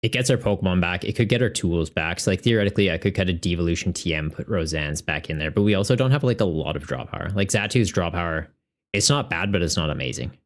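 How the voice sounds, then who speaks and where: A man's voice: low voice, lively intonation, quick pace. A man chatting casually on a live stream as a tournament organizer, laughing often and joking with his viewers.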